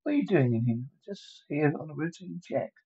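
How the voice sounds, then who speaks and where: A man voicing a nervous male police officer who secretly serves vampires, in a script reading, with a husky voice. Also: a little high, animated, a little fast, dark tone. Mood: wary. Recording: dull lo-fi recording.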